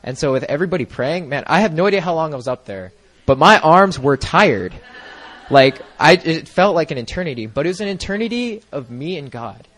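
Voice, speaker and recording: A man's voice: fairly high pitch, very animated, fairly bright tone. Earnest young man rambling through a testimony. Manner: rambling and earnest, full of "like" and "you know", quick to laugh. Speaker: church member giving a testimony. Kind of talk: personal testimony at a church gathering. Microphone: microphone.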